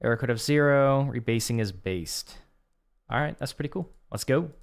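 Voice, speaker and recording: A man's voice: medium pitch, animated, moderate pace, gravelly. A young man live-streaming as he works through a coding course, reading lesson text aloud and reacting with offhand remarks. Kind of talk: casual live-stream commentary.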